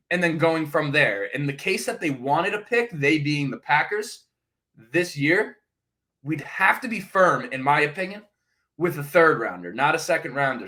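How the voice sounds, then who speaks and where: A man's voice: fairly high pitch, pushed and bright. A man hosting a podcast, giving casual fan commentary and thinking aloud, often hedging with "right?" and "uh". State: sipping coffee, brief cough. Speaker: podcast host.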